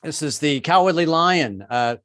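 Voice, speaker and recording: Male stand-up, slightly high voice, meandering delivery on a video call. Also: animated, moderate pace, fairly bright tone, no room sound, studio quality. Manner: rambling, self-deprecating, slips into character voices. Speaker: stand-up comedian.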